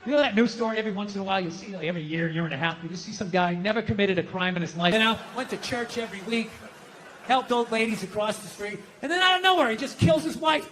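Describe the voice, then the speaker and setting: A man's voice: high voice, fast talker, a bit bright, a little hiss or hum. A middle-aged man with an American accent doing stand-up, telling a story in an exasperated, profane rant. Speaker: stand-up comedian. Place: large outdoor amphitheater.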